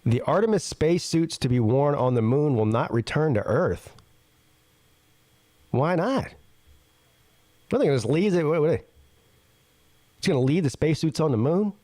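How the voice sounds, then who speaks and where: A man's voice: on the high side, lively intonation, moderate pace, long pauses, mellow, no room sound. A man hosting a live sports talk stream, chatting casually with frequent stammers and restarts. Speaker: sports show host.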